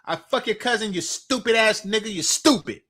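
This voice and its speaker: A man's voice: sits high, moderate pace, fairly bright tone, husky. A man giving heated, profane commentary, repeating himself and swearing as he rants.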